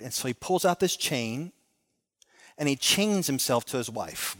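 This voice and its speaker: A man's voice: on the high side, moderate pace, fairly bright tone. A middle-aged man giving an earnest sermon as a pastor, telling stories and repeating phrases. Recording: long hall reverb.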